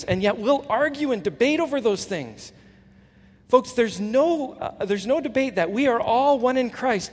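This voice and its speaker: A male pastor giving an earnest sermon, swinging from emphatic peaks to soft, low asides. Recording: long hall reverb, faint ambience.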